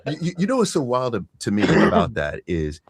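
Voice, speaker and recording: A man hosting an interview, asking questions in a measured, affirming way. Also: mid-range voice, wildly swooping pitch, breathy edge, no echo. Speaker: interview host.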